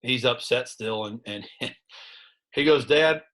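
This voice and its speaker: Candid, halting Midwestern coach. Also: male voice, mid-range voice, fairly bright tone. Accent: Midwestern American. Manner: halting, many restarts and fillers, candid. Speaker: high school head football coach. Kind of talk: reflective interview talk.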